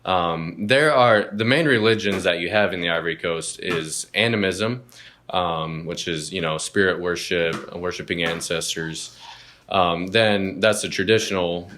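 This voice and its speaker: A man answering as a podcast guest, steady and explanatory, with frequent ums. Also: low voice, a little slow. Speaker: missionary guest. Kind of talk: casual interview answers.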